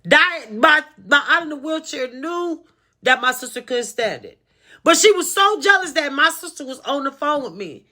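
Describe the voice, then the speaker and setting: A woman's voice: high voice, lively intonation, brisk, pushed and bright. Angry, emotional woman telling a story. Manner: emotional, angry, swears, repeats herself. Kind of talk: casual storytime.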